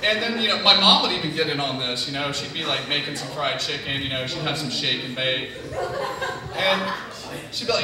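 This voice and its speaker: A young man doing stand-up comedy, rambling nervously with constant "you know" fillers. His voice sits a little high and comes through from some distance in a very echoey room. A crowd can be heard around him. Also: expressive, a little fast. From Tennessee. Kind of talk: nervous first-time stand-up set. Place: comedy club stage. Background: audience laughing.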